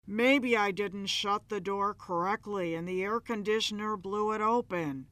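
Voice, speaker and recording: A woman's voice: mid-range voice, a little slow, a bit bright, close to an everyday voice. A woman voicing a stubborn, snippy older man who speaks curtly and insists on getting his way. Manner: curt, insistent.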